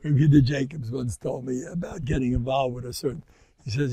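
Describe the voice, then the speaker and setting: A man's voice: medium pitch, steady tone, a little fast, warm tone, husky, no room sound. An older man, giving an informal, rambling Torah talk as a rabbi, joking and dropping Yiddish and Hebrew words. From Far Rockaway, New York. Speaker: rabbi lecturer.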